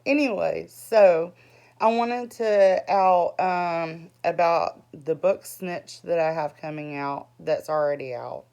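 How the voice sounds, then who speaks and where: A woman's voice: lowish voice, takes it slowly, vocal fry, a little mellow. A woman in her forties, an author giving a rambling, earnest vlog update about her books, full of ums and restarts. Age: 40s. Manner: earnest, plain-spoken.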